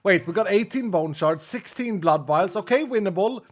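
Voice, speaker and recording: A man's voice: sits high, lively intonation, moderate pace. A man chatting casually and tiredly to viewers while streaming a game, joking and thinking aloud. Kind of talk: casual gaming livestream chat.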